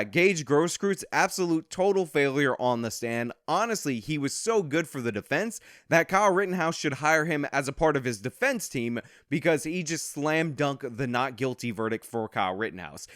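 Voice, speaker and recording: A man's voice: medium pitch, fairly bright tone, dry recording, studio quality. A man hosting a commentary video, giving blunt, emphatic opinions in a casual vlog style. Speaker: commentary channel host.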